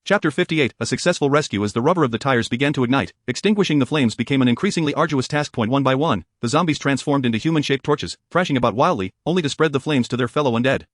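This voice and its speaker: Brisk man narrating an audiobook. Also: mid-range voice, no echo, clean studio sound.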